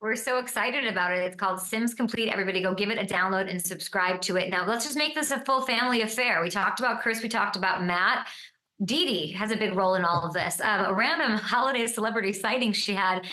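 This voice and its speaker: A woman hosting a sports talk show, bubbly and quick in banter with her guest. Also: medium pitch, sharp tone, reverberant.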